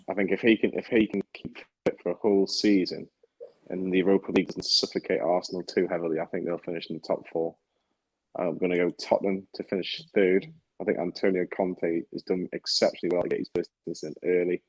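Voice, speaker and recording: Deep-voiced man giving football predictions. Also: flat delivery, quick pace, dry recording, low-quality recording. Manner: opinionated, rattles off predictions. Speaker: fan channel co-host. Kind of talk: live match watchalong chat.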